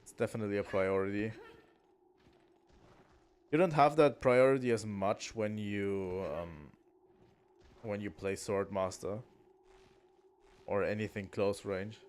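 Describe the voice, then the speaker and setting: A man's voice: fairly low pitch, measured pace, long pauses, darkish tone, a little hiss or hum. A man streaming a video game, talking to himself in a loose, thinking-aloud way with frequent ums and restarts. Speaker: gaming streamer. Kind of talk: casual let's-play commentary.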